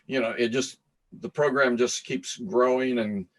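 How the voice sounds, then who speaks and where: A man co-hosting a casual video call, relaxed and jokey, laughing often. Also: medium pitch, unhurried. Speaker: co-host interviewer. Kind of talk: casual chat.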